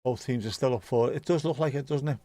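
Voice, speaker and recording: A man's voice: medium pitch, fast talker, warm tone, dry recording. A man hosting a live match watchalong, chatting casually and rambling between dad jokes. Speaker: watchalong host.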